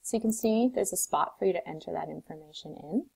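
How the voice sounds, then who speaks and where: A woman teacher calmly walking through a coding tutorial step by step, recorded on a desktop mic. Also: fairly low pitch, quick pace, vocal fry, husky, rough recording. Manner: calm, step-by-step instructions.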